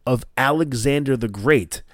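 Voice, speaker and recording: A man hosting a casual chat, excitedly recapping an episode and swearing as he acts out scenes in a raised voice. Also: mid-range voice, moderate pace, dry recording, clean studio sound. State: coughing. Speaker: podcast host.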